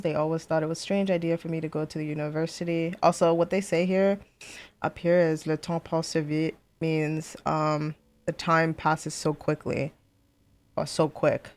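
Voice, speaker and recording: A woman streamer playing a story game, reading letters aloud in a steady voice and breaking into chatty, excitable remarks. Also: on the low side. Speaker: let's play streamer.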